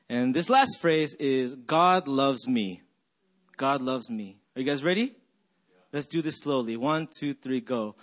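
A man preaching a sermon, leading his congregation in a group exercise and then praying softly. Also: medium pitch. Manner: leads the congregation in call-and-response, then prays softly. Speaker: pastor. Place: church hall.

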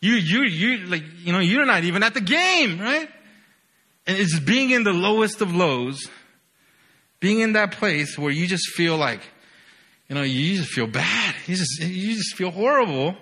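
Energetic young male preacher, bright voice. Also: measured pace. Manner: energetic, keeps asking "right?"; swings from loud bursts to quiet low lines. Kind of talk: sermon.

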